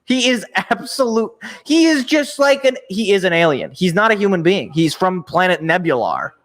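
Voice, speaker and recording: A young man with a high, bright voice reacts live as a sports show host. He rambles with exasperated sarcasm, jumping from gripe to gripe. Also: very animated, moderate pace.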